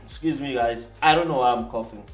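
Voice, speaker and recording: A man hosting a live trading stream, talking casually and boastfully while demonstrating software. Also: medium pitch, fairly quick, reverberant, soft background music. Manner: animated, boastful, teasing rivals.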